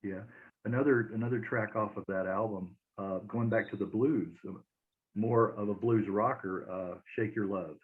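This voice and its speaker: Low-voiced man on a tinny line. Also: normal speed, husky. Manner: hesitant, many fillers. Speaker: interview host. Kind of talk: casual interview.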